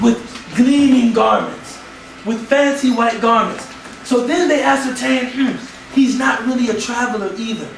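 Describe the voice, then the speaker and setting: High-voiced animated male lecturer, roomy hall. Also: distant mic, background noise. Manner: animated, humorous, slangy. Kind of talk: storytelling religious talk.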